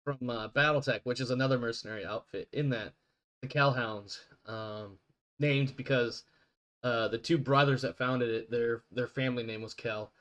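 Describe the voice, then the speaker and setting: A man's voice: medium pitch, steady tone, moderate pace, a bit bright. A man running an online tabletop game as game master, talking over a voice call in a rambling way and often correcting himself.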